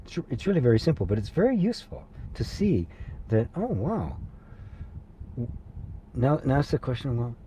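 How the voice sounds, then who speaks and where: A man hosting a live satsang as a spiritual teacher, speaking gently and reassuringly, laughing softly and pausing with fillers as he reads viewer comments. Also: medium pitch, very animated, a little hiss or hum. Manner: hesitant fillers and restarts while reading.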